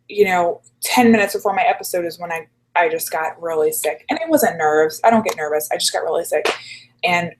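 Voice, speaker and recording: A woman's voice: lowish voice, a little hiss or hum, poor audio. A woman telling stories in a casual interview, chatty and full of "like" fillers. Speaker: guest. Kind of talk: casual storytelling chat.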